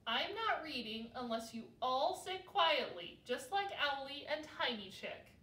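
Woman doing a fussy storybook baby owl, bright, far from the mic. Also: high-pitched, sing-song, unhurried, full character voice. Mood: firm. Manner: indignant, pleading. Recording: roomy, from a distance.

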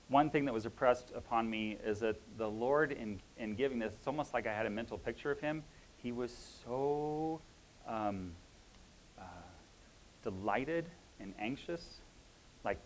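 A man sharing a spiritual reflection with a church congregation, talking in a reflective, halting way with many pauses and fillers. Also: medium pitch, a little hiss or hum, low-quality recording. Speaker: church member sharing a word. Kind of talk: informal sermon sharing.

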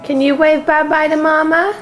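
A woman's voice: high voice, little pitch movement, moderate pace, a bit bright, faint music behind. A young mother filming a home video, coaxing her baby in sing-song baby talk and repeating herself over and over.

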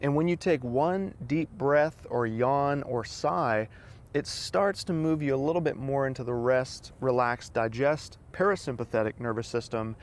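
A man's voice: medium pitch, a little slow. A man, a vision educator, explaining and guiding listeners through yawning and sighing. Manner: guiding, demonstrates yawns and sighs. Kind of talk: instructional explanation.

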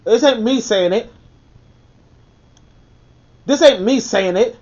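A man's voice: high-pitched, slow pace, pauses often, darkish tone. A man commenting on a book he reads aloud, talking emphatically and repeating his key points. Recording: dull lo-fi recording.

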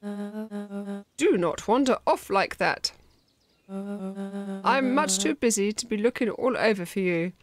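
A woman's voice: mid-range voice, slow pace, pauses often, no echo, natural voice. A woman reading a haughty heiress. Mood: stern. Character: haughty rich heiress mother, cold and commanding. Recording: game music underneath.

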